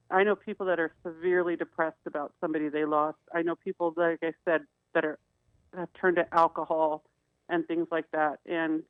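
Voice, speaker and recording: Speaking in a fairly low pitch, this middle-aged woman is a co-host on a radio talk show. She shares personal stories earnestly, restarting often, over a dry, phone-like radio sound without echo.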